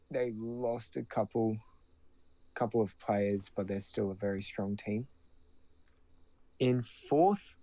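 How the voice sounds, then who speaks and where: Slow, gravelly-voiced hesitant man. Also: fairly low pitch, mellow, no room sound. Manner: hesitant, lots of fillers and restarts. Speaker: panelist giving season predictions. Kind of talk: casual podcast chat.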